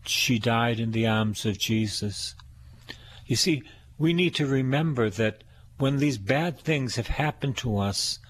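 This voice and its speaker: Male preacher delivering a sermon, slow and deliberate, with scripture readings and repetition. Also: medium pitch, slightly rough.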